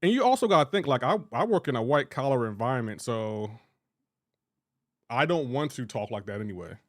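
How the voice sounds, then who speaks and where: A man's voice: mid-range voice, big pitch swings, fairly quick, no room sound, studio quality. A man from Delaware streaming a game, chatting casually, rambling and restarting his sentences as he answers chat. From Delaware, USA.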